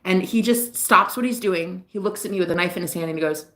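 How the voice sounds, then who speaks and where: A woman's voice: lowish voice, fast talker, a bit bright. Rambling, sleepless woman vlogger venting late at night. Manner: rambling, candid, swears freely. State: sad and sleepless. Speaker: vlogger and psychic reader. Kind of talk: confessional late-night vlog.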